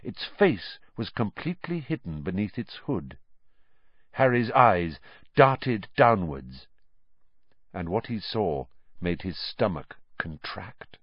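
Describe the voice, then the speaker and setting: A man's voice: fairly low pitch, very animated, slow pace, no echo, muffled recording. A man narrating an audiobook with dramatic, suspenseful storytelling. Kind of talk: scripted narration.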